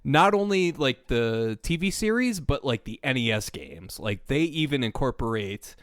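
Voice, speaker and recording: A man co-hosting a podcast at an ordinary middle pitch, chatting loosely and stringing thoughts together with filler words. The sound is close and dry, with no room around it. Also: expressive, normal speed, smooth, no room sound. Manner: rambling, heavy use of "like" fillers. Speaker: podcast co-host. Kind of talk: casual chat.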